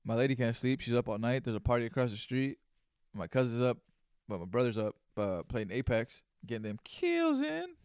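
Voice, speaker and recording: A man's voice: medium pitch, steady tone, brisk, a little mellow, clear, resonant tone, no room sound, clean studio sound. A man hosting his own podcast, telling a rambling, profane story in casual, conversational speech. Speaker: podcast host. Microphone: studio microphone.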